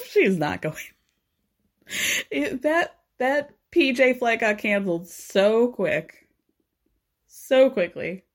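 Chatty, sarcastic woman recapping gossip. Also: a little high. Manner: chatty, sarcastic, quotes people in her own voice. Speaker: reality TV recapper.

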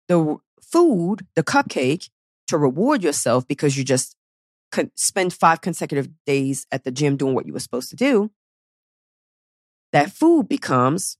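A woman's voice: low-pitched, measured pace, no room sound, studio quality. Blunt, swearing woman podcast host. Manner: blunt, profane and animated, acting out inner voices. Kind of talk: weight-loss coaching talk.

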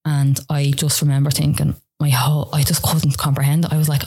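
A woman's voice: low voice, fairly even intonation, normal speed, breathy edge. An Irish woman, a podcast guest, telling a personal story in casual conversation, full of "like" and retold dialogue. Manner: rambling, frequent "like" fillers, retells dialogue.

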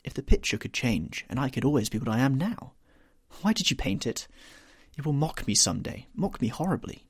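A man's voice: medium pitch, very animated, fairly quick, breathy edge, no room sound, studio quality, pitched above the performer's own voice. A man reading the part of an anguished, vain young man who dreads growing old, pleading and rising to despair. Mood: impassioned.

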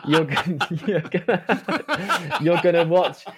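A man co-hosting a podcast, chatting casually and playfully, with gushing excitement. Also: high-pitched, takes it slowly, slight background noise. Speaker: podcast co-host. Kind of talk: casual chat and show outro.

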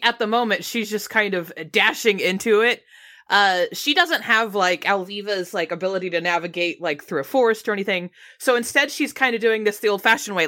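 A woman's voice: medium pitch, pushed and bright. A woman playing a tabletop game, chattily describing what her character does. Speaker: player. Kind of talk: casual tabletop play.

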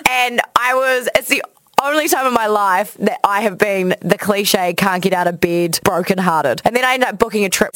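A woman, a radio host telling personal stories in casual chat, acting out quotes with big jumps in voice. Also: no room sound. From New Zealand. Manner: animated, acts out quotes with big pitch jumps. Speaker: radio host, podcast guest.

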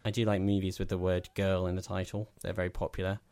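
A man's voice: low-pitched, flat delivery, fast talker, a little mellow, no echo. A man hosting a film podcast, chatting casually with dry, self-deprecating humor. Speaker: podcast host. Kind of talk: casual chat.

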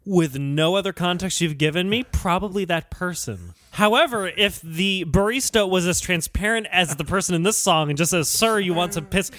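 A man co-hosting a casual comedy music podcast, joking and talking in quick animated bursts. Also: sits high, dry recording, studio quality. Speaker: podcast co-host.

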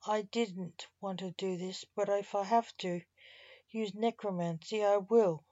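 Lady reading grim reaper, stern n huffy, super slow, dull lo-fi audio. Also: mid-range voice, fairly even intonation, mellow, no echo, lightly acted. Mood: exasperated. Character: stern male Grim Reaper, weary and sharp.

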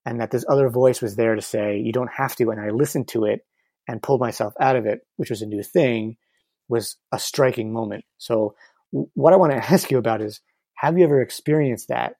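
A reflective speaker in casual conversation who uses many fillers and pauses to find the right words. The voice is gravelly with vocal fry at a middle pitch, recorded close and dry. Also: mellow, no room sound.

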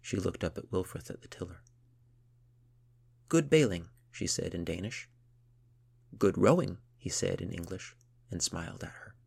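A man giving steady, measured scripted audiobook narration. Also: low voice, creaky, husky. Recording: rain and thunder sound effects. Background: rain and thunder.

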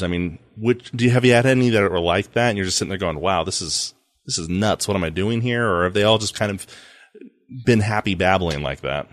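A male podcast host with a very low, deep voice asks questions and drops dry, deadpan jokes. The sound is close and dry, with no room echo. He keeps a relaxed, conversational tone. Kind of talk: casual interview chat.

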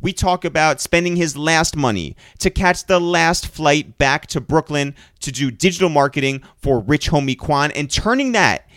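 A man co-hosting a podcast, reading shout-outs and promos in an upbeat voice, then chatting casually with a guest. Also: a little high, lively intonation, moderate pace, few pauses, dry recording, studio quality. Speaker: podcast co-host.

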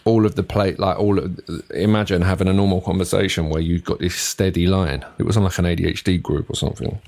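A man's voice: low-pitched, fairly even intonation, quick pace, vocal fry, darkish tone. A man hosting a solo podcast, rambling and swearing as he jumps between topics. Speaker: podcast host.

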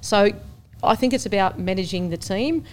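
Brief: woman, ex-player pundit, passionate and persuasive, middle-pitched voice. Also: normal speed, a little hiss or hum. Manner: animated, argues with conviction. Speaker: panelist, former player. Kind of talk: casual panel chat.

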